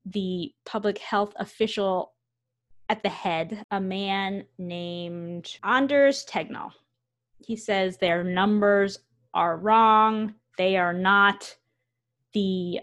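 A woman's voice: medium pitch, drawn-out words. Chatty woman podcast co-host. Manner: conversational, reads quotes, self-correcting asides. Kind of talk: casual podcast chat reading news.

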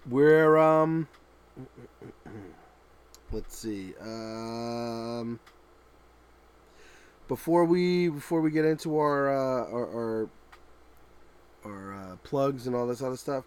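A man in his thirties co-hosting a podcast, telling animated family stories in casual chat and laughing loudly at them. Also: medium pitch, slow, long pauses, a little hiss or hum. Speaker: podcast co-host.

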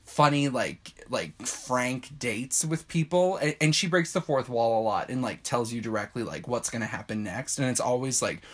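A man's voice: medium pitch, moderate pace, few pauses. A man co-hosting a podcast, chatting casually in a rambling way with lots of fillers and frequent laughter. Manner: rambling, heavy use of "like", lively and laughing. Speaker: podcast co-host. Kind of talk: casual chat.

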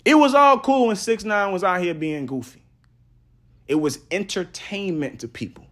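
A young adult man hosting a podcast, ranting casually and swinging from loud trash talk to low mutters. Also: animated, moderate pace. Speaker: podcast host.

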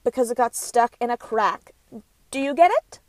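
A woman's voice: a little high, expressive, normal speed. A woman in her twenties hosting a casual solo podcast, chatty and rambling with lots of fillers. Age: 20s. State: out of breath. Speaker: podcast host.

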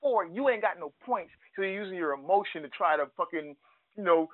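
A man rants in a heated, profane podcast chat and circles back to the same points again and again. His voice sits fairly high and dry. The audio is thin and phone-like. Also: fast, dry recording. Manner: ranting, profane, repeats himself. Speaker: podcast co-host.

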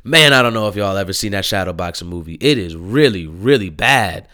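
Guy ranting casual on his show, slang, big pitch swings. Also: a little fast. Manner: animated, slangy, repetitive exclamations. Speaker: commentary host. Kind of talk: casual opinion commentary.

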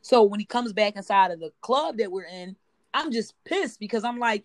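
A woman's voice: medium pitch, lively intonation, moderate pace, no echo. A woman co-hosting a casual podcast chat, telling a personal story with lots of fillers and AAVE speech. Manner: storytelling, rambling with many fillers. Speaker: podcast co-host.

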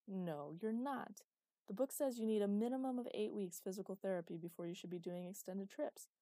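A woman reading an audiobook, voicing a protective, teasing young man in her own mellow, dry voice. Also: mid-range voice, brisk, no echo, close to an everyday voice. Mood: firm. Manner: teasing, firm. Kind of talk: audiobook character voice.

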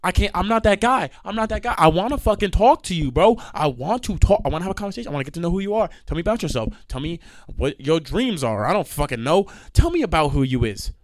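A young man hosting a solo podcast, ranting in an animated, exasperated way and swearing often. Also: high voice, quick pace, no echo, studio quality. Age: young adult. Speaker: podcast host.

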